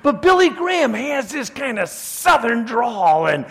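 A man's voice: very high voice, sing-song, a little slow, slightly rough. A man from Chicago, a pastor, preaching a conversational sermon to his church with joking asides. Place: church service.

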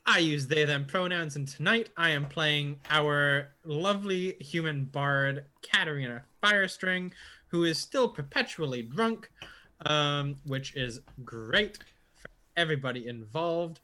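A man with an intensely bright, sharp voice and slightly high pitch, introducing himself before a tabletop game. He rambles playfully, with plenty of filler words. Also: a little slow. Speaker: player. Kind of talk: casual chat and self-introduction.

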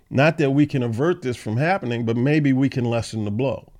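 Man, bible study host, reads verses then explains, casual and plain-spoken, mid-pitched. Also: normal speed, a little mellow. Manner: reads verses aloud then paraphrases them. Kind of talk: reading scripture and explaining it.

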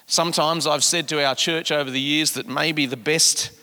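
Bright-voiced pastor preaching in a hall. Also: male voice, fairly high pitch, steady tone, moderate pace. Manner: emphatic preaching, swinging between hushed and raised lines. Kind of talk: sermon. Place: large church auditorium. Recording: long hall reverb.

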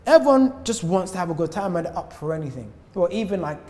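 A young man with a London accent, a performing artist, chatting as a guest and telling stories in a lively way, acting out the dialogue. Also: high-pitched, quick pace. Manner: animated, laughing, acts out dialogue. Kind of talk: casual storytelling chat. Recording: roomy hall reverb.

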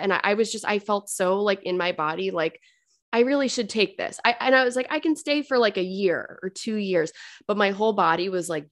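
A woman guest on a podcast, telling a personal story in casual chat, full of "like" fillers and acting out what others said. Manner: chatty, many "like" fillers, acts out quoted voices; lively, swings up in pitch on quotes.

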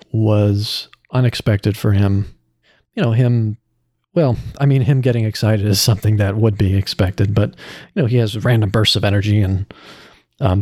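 A man's voice: on the low side, mellow, dry recording, studio quality. A man who voices a character on a podcast, talking it over in a reflective, rambling way with many restarts. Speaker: voice actor. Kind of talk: casual podcast chat.

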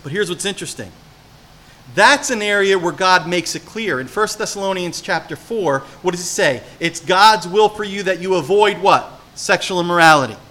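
Jersey guy preaching a sermon, kinda high bright voice, keeps asking the crowd stuff. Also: moderate pace. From New Jersey. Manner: animated storytelling, asks the congregation questions. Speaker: pastor.

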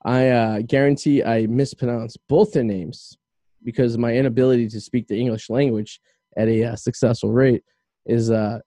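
Dark-voiced rambling male radio host. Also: medium pitch, fairly even intonation, moderate pace, dry recording. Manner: rambling, loose, filler-heavy talk. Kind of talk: casual chat.

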